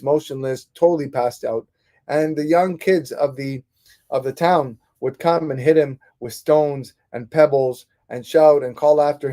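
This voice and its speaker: A man teaching a Torah class as a rabbi, retelling stories in an animated way with frequent restarts. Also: medium pitch.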